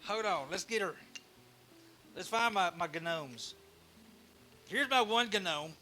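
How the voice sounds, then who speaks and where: A man hosts a laid-back live stream, talking in a rambling, self-mocking way. His voice sits high and rings bright and forceful. Soft music plays faintly underneath. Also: lively intonation, takes it slowly. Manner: rambling, joking and self-mocking, with frequent restarts. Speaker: live-stream woodcarving host. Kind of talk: casual live-stream chat.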